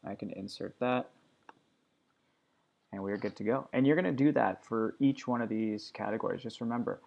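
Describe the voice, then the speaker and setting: A man with a very gravelly, fry-heavy, fairly low voice talks a class through a screen-recorded software tutorial. He walks through each step in a relaxed, plain way. The sound is dull and lo-fi. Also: normal speed. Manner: relaxed step-by-step walkthrough talk. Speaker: teacher.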